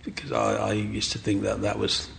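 A middle-aged man telling his life story in an interview, animated, acting out the voices of people in his story. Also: on the low side, normal speed, gravelly, a little hiss or hum. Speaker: guest.

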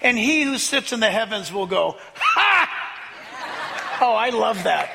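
A man preaching a sermon as a pastor, excitable, often laughing and rising to shouts as he reads scripture. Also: sits high, moderate pace, creaky, long reverb tail, heavy background noise.

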